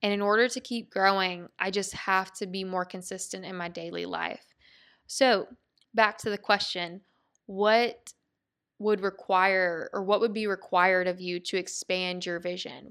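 Earnest woman podcast host, smooth voice. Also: mid-range voice, steady tone, unhurried, a bit bright. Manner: earnest, heartfelt, thinks aloud with restarts. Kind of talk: reflective motivational monologue.

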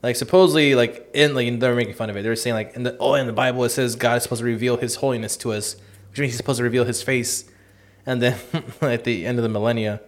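A man's voice: medium pitch, steady tone, quick pace. A man chatting casually as a co-host, joking and slipping into silly voices when he retells scenes. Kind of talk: casual chat.

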